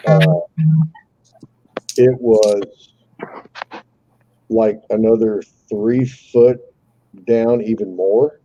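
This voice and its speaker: A man's voice: on the low side, fairly even intonation, drawn-out words, long pauses, dark tone, highs cut off, a little hiss or hum. A man telling a fishing story on a live call, casually and with animation, swearing freely and acting out the voices of the people he quotes.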